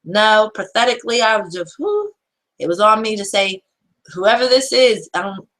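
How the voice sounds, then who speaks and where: A woman's voice: medium pitch, moderate pace, fairly bright tone, rough recording. A woman hosting an empowerment show, giving earnest, repetitive, preacher-like encouragement in casual motivational talk.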